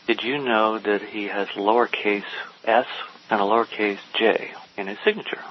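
A man's voice: on the low side, normal speed. A man casually telling a long anecdote, acting out the lines of the people in it. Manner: animated, quotes people in dialogue. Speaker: storyteller guest. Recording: dull lo-fi sound with faint hiss.

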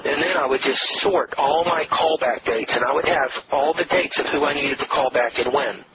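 A man from San Diego working as a sales coach, talking in a brisk, direct and persuasive way as he places phone calls and explains his selling method. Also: on the high side, lo-fi sound, heavy background noise. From San Diego, USA.

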